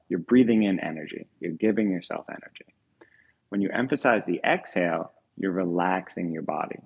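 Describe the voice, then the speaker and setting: A young man guides listeners through a breathing exercise in a calm, measured way. His voice is low, with a gravelly fry. It also has a husky edge. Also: muffled recording. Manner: calm, measured, counts slowly when guiding. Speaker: podcast co-host.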